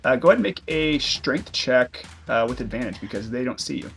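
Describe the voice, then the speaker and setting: Game master guy rambling thru the scene, lots of likes and ums, normal pitch. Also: lively intonation, a little fast, vocal fry, fairly bright tone, soft background music. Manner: rambling, filler-heavy narration. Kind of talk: narrating a tabletop game.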